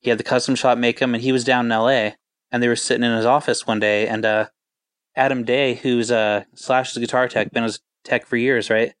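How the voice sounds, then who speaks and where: Laid-back rambling guitarist, even smooth voice. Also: male voice, mid-range voice, brisk, dry recording. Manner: rambling, laid-back, full of filler words. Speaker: touring band guitarist. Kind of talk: casual interview storytelling.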